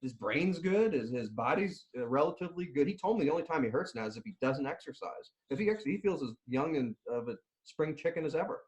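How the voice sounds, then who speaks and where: A man's voice: a little high, brisk, few pauses, muffled recording. A middle-aged man, a nutrition and strength coach, telling stories in a casual interview, laughing and restarting often. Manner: animated, laughing storyteller with many restarts.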